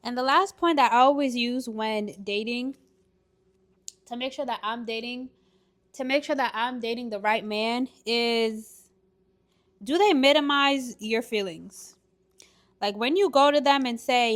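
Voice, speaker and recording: A young woman talks straight to her viewers at home, giving relationship advice while she works on a puzzle. Her voice sits a little high, and she speaks in a chatty, emphatic way with slangy turns of phrase. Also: a little slow, a bit bright. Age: young adult. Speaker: vlogger. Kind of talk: casual advice chat while doing a puzzle.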